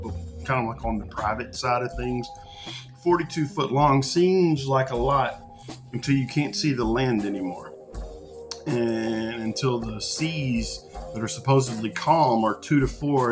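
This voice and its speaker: A man with a Texan accent hosting a show, chatting casually in a folksy, rambling way. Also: medium pitch. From Texas, USA. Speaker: podcast host. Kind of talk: casual chat. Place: lives in Texas farmland.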